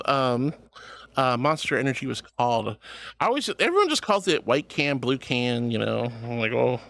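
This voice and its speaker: Reading out messages from viewers, a streamer chats casually and calls everyone sweetie and honey. She stays animated throughout, shifting from squeals up high to low mutters.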